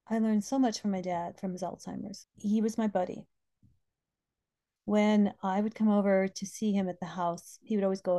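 Warm-toned heartfelt woman storyteller. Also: medium pitch, fairly even intonation, normal speed. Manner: heartfelt storytelling, quoting scripture. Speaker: podcast host. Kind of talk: personal spiritual talk.

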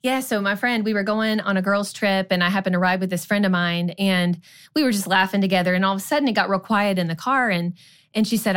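A woman's voice: medium pitch, steady tone, fast, a bit bright, smooth. A woman co-hosting a marriage podcast, telling a personal story in an earnest, conversational way. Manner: earnest storytelling with quoted voices. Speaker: podcast co-host. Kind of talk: casual conversation.

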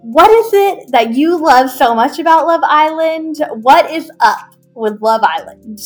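Female podcast co-host, slightly high voice, giggly and teasing, faint music behind. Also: expressive, a little slow. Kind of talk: casual podcast chat.

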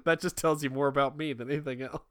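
A man's voice: a little high, fairly even intonation, fast, clean tone, dry recording. A young man in a casual comedic podcast chat, wry and laughing often as he talks.

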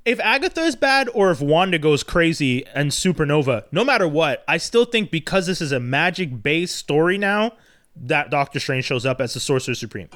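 High-voiced man, animated chat. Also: moderate pace. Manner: animated, acts out quoted lines. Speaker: podcast co-host. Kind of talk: casual chat.

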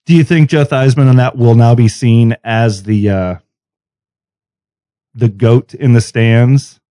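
A man's voice: mid-range voice, slow. A man in his forties co-hosting a comedy podcast, jokey, running segments in casual chat. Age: 40s. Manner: jokey, animated, runs the segments. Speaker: podcast co-host.

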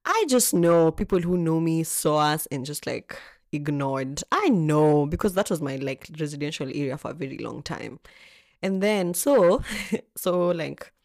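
A young adult woman tells a personal story in a vlog, animated and expressive, swearing freely. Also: sits low, a little slow, dry recording, studio quality. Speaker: vlogger. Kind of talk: storytelling chat.

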